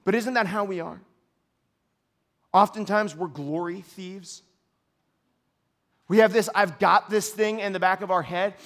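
A male pastor delivering an earnest, confessional sermon to a church congregation, moving from quiet reflection to loud outbursts. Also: high-pitched.

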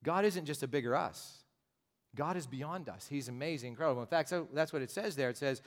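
An American pastor preaches a sermon in a slightly high, fairly quick voice. His style is direct and conversational, and he hammers his points home through emphatic repetition.

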